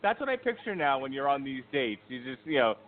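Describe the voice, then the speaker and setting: A man's voice: very animated, fairly quick. A man hosting a casual podcast album review, joking and teasing his co-hosts. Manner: joking, sings in falsetto. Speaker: podcast host. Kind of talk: casual chat. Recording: tinny phone-like sound.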